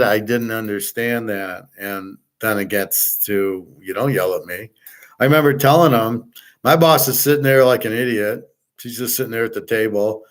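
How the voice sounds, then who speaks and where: A middle-aged man hosting his own show, talking in a blunt, self-assured, rambling monologue and often repeating words as he rants. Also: fairly low pitch. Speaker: podcast host.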